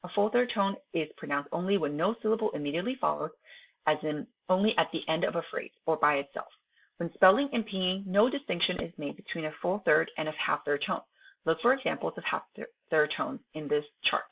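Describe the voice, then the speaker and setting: A woman teacher, native in Chinese, with a low voice and a gravelly edge to it. She reads out the lesson and then talks to her students in a loose, chatty way, checking in with "right?" again and again. The sound is thin and narrow, as if it came through a phone line. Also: fairly quick. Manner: reads textbook aloud, then chats to students with frequent "right?" tags. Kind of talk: recorded online lesson. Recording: tinny phone-like home recording.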